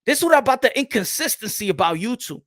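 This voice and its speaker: A man hosting a boxing channel, giving animated livestream commentary, switching between English and Spanish and repeating phrases for emphasis. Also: extremely high pitch, fast, dry recording, clean studio sound.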